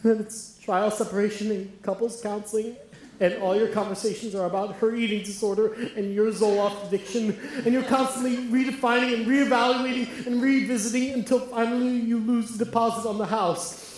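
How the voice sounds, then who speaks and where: An actor playing a lonely musical-theatre fan who talks confidingly and rambles wryly in a stage musical. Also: male voice, high voice, little pitch movement, a little fast, natural voice. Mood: rambling. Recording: echoey hall, faint noise.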